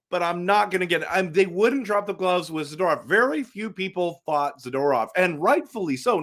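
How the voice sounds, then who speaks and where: Animated, chatty middle-aged man. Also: fairly high pitch. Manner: animated, chatty, addresses viewers directly; frequent repetitions and restarts. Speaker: hockey fan channel host. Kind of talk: casual fan commentary vlog.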